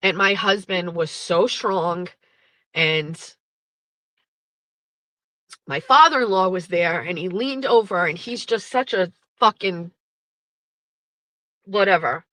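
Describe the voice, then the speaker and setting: A woman's voice: fairly low pitch, lively intonation, takes it slowly, pauses often, pushed and bright, dry recording, rough recording. A woman host in her thirties, candidly telling a personal story with blunt, profane, emotional language. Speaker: podcast host.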